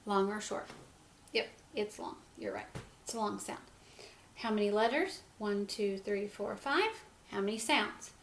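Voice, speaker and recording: A woman teaching a phonics lesson to young children, sounding out words letter by letter and gently encouraging them. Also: medium pitch, big pitch swings, measured pace, a little hiss or hum. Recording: echoey room with faint ambience.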